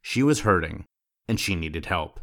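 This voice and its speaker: A man narrates a podcast from a script, measured and earnest. His voice sits a bit low for a man. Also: animated, a bit bright. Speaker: podcast host.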